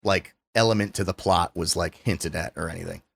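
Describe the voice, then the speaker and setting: A man's voice: brisk, gravelly, slightly rough, no room sound. A man co-hosting a casual podcast, talking animatedly with many filler words. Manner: animated, lots of filler likes, swings up in pitch when making a point. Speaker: podcast co-host. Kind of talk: casual chat.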